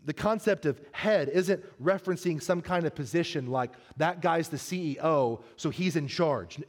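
A man as pastor, preaching a sermon, telling a funny story and then turning earnest and soft. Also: on the high side, normal speed, in a large hall.

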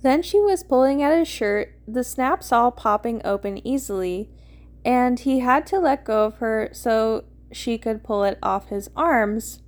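A woman's voice: a little high, lively intonation, unhurried. A woman podcast host reading fan fiction aloud casually, with small slips and asides.

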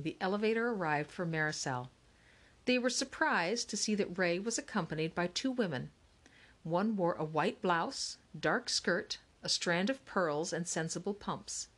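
A woman reading a children's novel aloud in a steady, clear way. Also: fairly low pitch. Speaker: audiobook narrator. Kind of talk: scripted narration of a children's novel.

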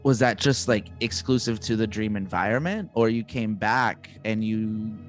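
A man's voice: lowish voice, normal speed, faint music behind. A man hosting a podcast, asking eager, chatty questions in a casual interview. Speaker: podcast host.

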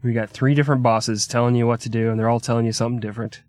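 A man's voice: mid-range voice, level tone, very fast, darkish tone, dry recording, studio quality. A man hosting a podcast, narrating history in an irreverent comedic way with crude joking asides. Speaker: podcast host.

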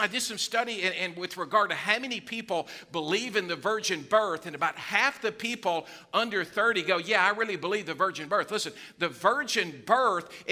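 A male pastor, preaching a sermon with animated storytelling and acted-out quotes. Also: sits high.

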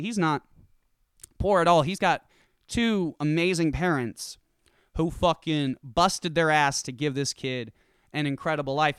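A man talks in a casual, profane rant and tells stories by acting out each voice. His pitch sits a little high and jumps all over as he gets worked up. His voice is smooth and clear, and it is recorded close and dry with no room echo. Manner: profane, animated storytelling with acted-out quotes. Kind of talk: casual ranting monologue.

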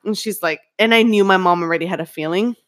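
A woman's voice: on the low side, fast, fairly bright tone, no room sound, clean studio sound. A young woman in casual chat, laid-back and chatty, laughing easily as she tells a story.

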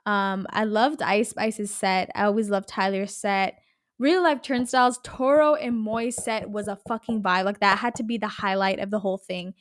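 A woman hosting her own podcast, talking casually in an animated, rambling way and swearing a lot. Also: medium pitch, normal speed, no echo, clean studio sound. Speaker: podcast host. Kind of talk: casual solo podcast chat.

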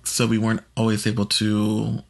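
A man with a somewhat low voice talks in a relaxed, casual chat. He tells stories with playful, animated energy as a podcast co-host. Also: normal speed, vocal fry.

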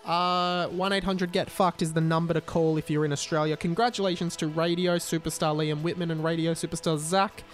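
A man's voice: a little high, steady tone, a little fast, few pauses, soft background music. A man hosting a podcast, reading a story aloud and mocking it with wry asides. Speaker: podcast host. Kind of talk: comic reading and commentary.

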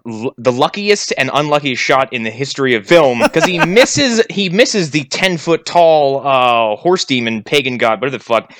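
A man's voice: mid-range voice, expressive, moderate pace, few pauses, a bit bright, dry recording, studio quality. A man co-hosting a podcast, sarcastically recapping a movie and laughing often. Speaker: podcast co-host. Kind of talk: casual podcast movie chat.

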